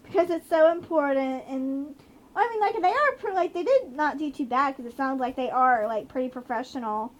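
A woman's voice: high voice, normal speed. A woman with a slight Southern accent, rambling chattily with fillers while recapping a TV episode as a podcast co-host. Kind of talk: casual chat recapping a TV episode.

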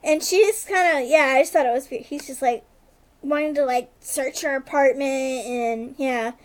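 A woman casually recapping a TV episode for a co-host, rambling along with lots of "like" and quick asides. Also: sits high. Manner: rambling retelling, heavy use of "like", quick asides. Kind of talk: casual chat.

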